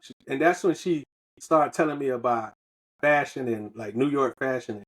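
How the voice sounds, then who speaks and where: A man's voice: medium pitch, normal speed, a bit bright, slightly rough. A man from the US, telling a loose, profane story on a podcast in casual slang. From Southern United States. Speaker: podcast co-host.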